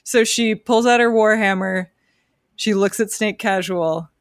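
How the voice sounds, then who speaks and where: A woman's voice: medium pitch, measured pace, no room sound. A woman playing a tabletop game, casually narrating her character's actions. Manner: casual, storytelling. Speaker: player.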